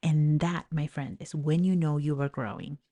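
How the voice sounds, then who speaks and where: A woman's voice: low voice, fairly even intonation, normal speed, dark tone. A woman with an accent hosting a podcast, speaking earnestly and encouragingly as a life coach, telling personal stories while standing at a studio mic in her office. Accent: non-native English accent. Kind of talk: reflective podcast monologue. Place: home office.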